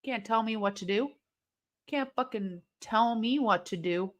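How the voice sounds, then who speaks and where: A defiant, angry woman snaps back in a low, sassy mutter, swearing as she refuses to be told what to do, put on by a woman. Her voice sits fairly high. She speaks in slow, drawn-out lines. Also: natural voice.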